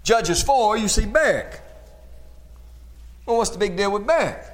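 A man preaching a sermon in a folksy, plain-spoken way, rising to emphatic shouts and punctuating his points with amen. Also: high-pitched, lively intonation, unhurried.

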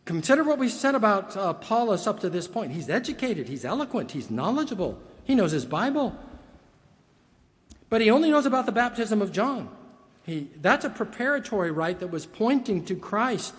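A man's voice: high voice, sing-song, moderate pace. A man preaching a sermon as pastor, earnest and emphatic, often repeating words as he restarts. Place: church sanctuary. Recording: long reverb of a large hall.

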